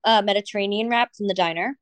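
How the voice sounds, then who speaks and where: A woman hosts a casual podcast chat, playful and teasing, and quick to laugh. Her voice sits at a middling pitch. The recording is close and dry. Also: no room sound. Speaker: podcast host.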